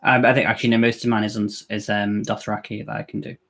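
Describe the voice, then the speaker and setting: Gravelly-voiced man chatting over a movie. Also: on the low side, flat delivery, quick pace, fairly bright tone. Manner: rambling, thinking aloud, swears freely. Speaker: streamer hosting a movie watch-along. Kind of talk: casual live commentary.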